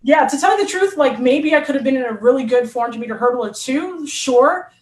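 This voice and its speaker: A woman, a former hurdler and coach, telling a story in an animated conversational way and acting out what people said. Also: high voice, a little fast, reverberant. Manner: animated, acts out quotes.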